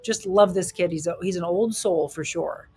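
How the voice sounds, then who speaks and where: A middle-aged woman hosts a live talk, speaking with animated, emphatic energy. She often poses rhetorical questions to her viewers and reads their comments aloud. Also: on the low side, normal speed, husky. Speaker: show host.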